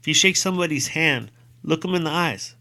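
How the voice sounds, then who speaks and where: A man with a bright, forceful voice co-hosts a podcast in casual chat. He is blunt and profane and keeps tossing in "dude" and "man". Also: on the high side, fairly quick, gravelly. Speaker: podcast co-host.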